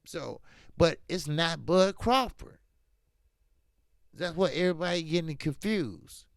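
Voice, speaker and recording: A man's voice: a little high, slow pace, gravelly, no echo, studio quality. A man hosting a casual boxing talk stream, talking in an emphatic, slangy way. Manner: animated, emphatic, drifts into slang. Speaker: boxing talk show host. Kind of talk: casual boxing commentary livestream.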